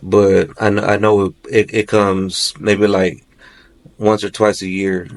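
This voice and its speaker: A man's voice: fairly low pitch, flat delivery, measured pace. A man, a father of three, recounting a nightmare as a podcast guest, rambling and peppering his talk with "you know" and "like". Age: adult, father of three.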